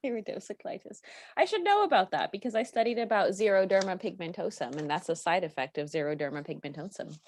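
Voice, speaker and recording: A woman's voice: mid-range voice, expressive, quick pace, darkish tone. A woman co-hosting a live-stream show, giggly and playful, reading out trivia. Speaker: podcast co-host. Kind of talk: casual live-stream chat.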